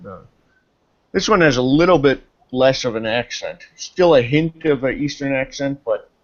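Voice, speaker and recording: A man running a tabletop game as game master, narrating in an unhurried, halting way with fillers. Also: mid-range voice, lively intonation. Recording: dull lo-fi recording.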